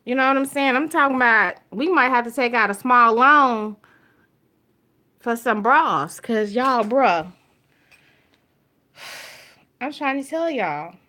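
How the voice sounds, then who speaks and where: A woman's voice: on the high side, expressive, slow, pauses often, pushed and bright. A woman with a Southern US accent chatting casually to her viewers from her makeup table at home. She talks candidly, jokes, and keeps addressing her audience directly. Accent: Southern US, Alabama. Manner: candid, joking, talks straight to viewers as y'all. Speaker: vlogger. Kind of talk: casual chat to camera.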